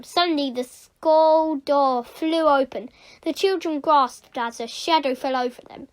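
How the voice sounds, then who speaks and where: A woman reading a children's book aloud with lively, expressive storytelling. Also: sits high, measured pace. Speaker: storybook reader.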